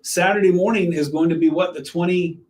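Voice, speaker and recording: A man's voice: high-pitched, steady tone, fast talker, a little mellow. A man, a TV meteorologist giving a casual live weather update, chatting and joking with viewers and greeting them by name. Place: TV station weather set.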